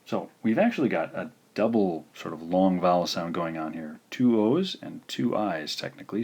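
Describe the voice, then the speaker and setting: Deep-voiced man teaching slowly. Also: expressive, vocal fry, husky. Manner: slow, deliberate, patient, enunciating syllables. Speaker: Japanese teacher. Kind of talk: instructional explanation.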